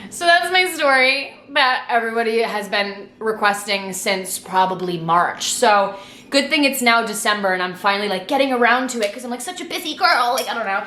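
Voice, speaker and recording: A young woman in her twenties telling a storytime vlog in a chatty, sweary, animated way, a little tipsy from wine. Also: on the high side, a little fast, echoey room, a little hiss or hum. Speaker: vlogger. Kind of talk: casual storytime monologue.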